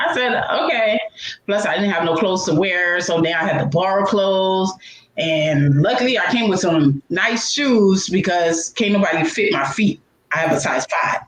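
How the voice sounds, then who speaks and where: In a casual chat, a female co-host tells a funny, embarrassing story, laughing and animated, her voice swooping widely in pitch. The recording is reverberant and the audio quality poor.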